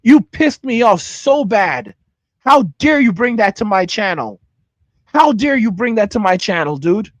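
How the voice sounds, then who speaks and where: A man with a high, raised voice rants angrily on a livestream, firing back at his chat. He talks in heated bursts and repeats himself. The sound is close and dry, with no room around it. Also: lively intonation, measured pace, no echo. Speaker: channel host. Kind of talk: livestream rant reacting to chat.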